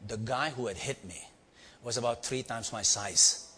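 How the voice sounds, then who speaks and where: A man from India with an Indian accent, telling a story to a live audience and quizzing them with quick asides. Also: medium pitch, a little hiss or hum. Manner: animated, quizzing the audience with "yeah?" and "right?". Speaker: leadership speaker. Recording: long hall reverb.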